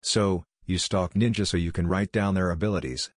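A man's voice: sits low, fairly even intonation, normal speed, no echo, studio quality. A man reading as a cocky teen ninja boy.

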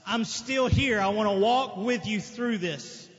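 A man preaching a sermon as pastor, emphatic, with sudden loud outbursts and quieter asides. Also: high voice, unhurried, hardly any pauses. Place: church sanctuary. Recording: dull lo-fi sermon recording with long hall reverb.

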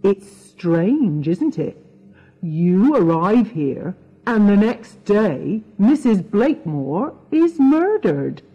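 A man's voice: high-pitched, big pitch swings, takes it slowly, breathy edge, dull audio, faint music behind, exaggerated voice. A woman voicing a tired, worried man of about fifty in an audiobook, sounding defensive and accusing.

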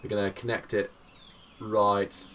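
A man in his twenties streaming a game live, excitable and chatty, greeting viewers by name. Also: lowish voice, a little slow, distant mic, muffled recording. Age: 20s. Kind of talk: live gaming stream commentary.

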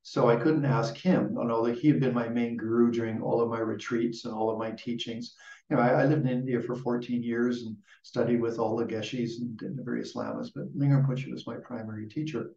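An older man gives a dharma talk as a Buddhist teacher, rambling and restarting his sentences as he goes. His voice is gravelly. The recording is dull and roomy, picked up from a distance. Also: mid-range voice, steady tone, fairly quick, warm tone. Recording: dull, echoey room from far off.

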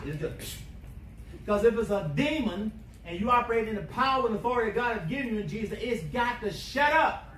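A man preaching a sermon, emphatic, swinging between quiet asides and shouting. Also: very high-pitched, expressive, brisk. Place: church sanctuary. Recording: echoey church from a distance, faint hiss.

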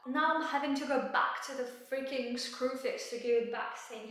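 A woman's voice: high-pitched, moderate pace, hardly any pauses, fairly bright tone, far from the mic, slight background noise. A woman vlogging her house renovation, talking anxiously and venting her frustration with frequent swearing. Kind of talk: casual vlog talk to camera. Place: house under renovation, indoors. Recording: very echoey empty room, from afar, with music.

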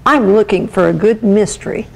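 A woman's voice: mid-range voice, moderate pace, gravelly, slight background noise, natural voice, low-quality recording. Woman doing a teasing boy bear cub. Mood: casual. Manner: playful and teasing. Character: teasing boy bear cub who loves spooky mysteries.

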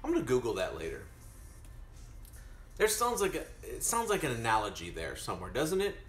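A man chatting casually to his stream while baking, rambling and animated. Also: medium pitch, fairly quick, echoey room, soft background music.

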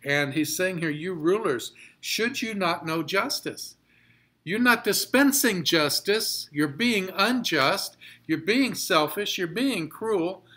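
A pastor teaching a Bible study, reading scripture slowly and explaining it with emphatic repetition. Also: male voice, sits high, animated, sharp tone.

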